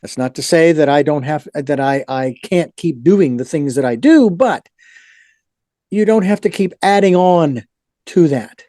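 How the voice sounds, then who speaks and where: A man's voice: fairly high pitch, expressive, measured pace, dark tone, no room sound, studio quality. A man hosting a podcast, talking in a reflective, meandering way with frequent restarts. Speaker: podcast host. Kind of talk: reflective interview talk.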